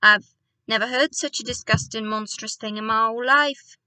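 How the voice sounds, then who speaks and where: A woman voicing an excitable elderly country doctor who bursts into loud, indignant outbursts. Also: a little high, moderate pace, no room sound. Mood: outraged.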